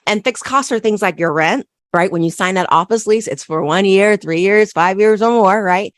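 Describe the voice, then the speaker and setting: A woman's voice: medium pitch, normal speed, dry recording. A woman accountant hosting a solo business podcast, coaching listeners and repeating key questions with frequent "right?" checks.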